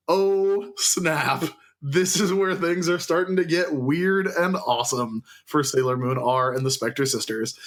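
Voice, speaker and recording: A man hosting a podcast, introducing the episode and chatting in an upbeat, playful way. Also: fairly high pitch. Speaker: podcast host. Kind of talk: casual podcast chat.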